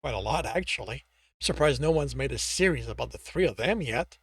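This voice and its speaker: A man's voice: medium pitch, expressive, fairly quick, slightly rough, no room sound. Male reader as a chatty, amused male detective in a storybook. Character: amused male investigator, fond of gossip.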